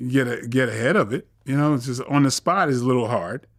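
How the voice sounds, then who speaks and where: A man's voice: medium pitch, fairly quick, dry recording, studio quality. A man appearing as an actor guest in a casual interview, playful and evasive, often restarting his sentences.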